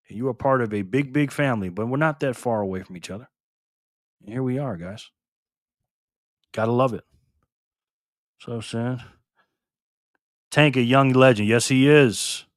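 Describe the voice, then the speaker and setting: A man's voice: medium pitch, dry recording, studio quality. A man from Rochester, New York, hosting a live stream and chatting casually with viewers, greeting them by name as he reads their comments aloud. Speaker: livestream host.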